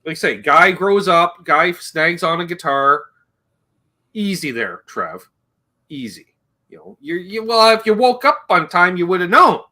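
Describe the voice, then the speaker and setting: Man, livestream host, casual rambling chat, bright voice, lively swinging pitch. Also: measured pace. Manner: rambling, reads chat comments aloud, jokey asides.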